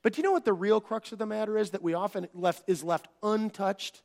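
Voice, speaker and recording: A man preaching a sermon, earnest, swinging between loud emphatic phrases and hushed low ones. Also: fairly even intonation, brisk, few pauses. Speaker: pastor.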